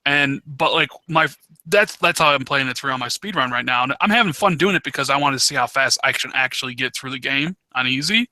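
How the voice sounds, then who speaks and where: A man's voice: mid-range voice, expressive, fairly quick, bright, forceful tone. A man on a casual gaming podcast, talking the game through analytically and restarting his phrases often.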